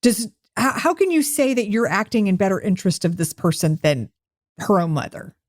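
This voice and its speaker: A woman co-hosting a podcast, telling news in an animated, sarcastic, joking way. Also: medium pitch, a little fast, no room sound. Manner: animated, sarcastic storytelling with jokes. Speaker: podcast co-host. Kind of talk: casual comedic chat.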